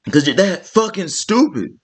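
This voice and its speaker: A man's voice: sits high, big pitch swings, normal speed. A man delivering a blunt, profane, exasperated rant to camera as a vlogger. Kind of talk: ranting vlog monologue.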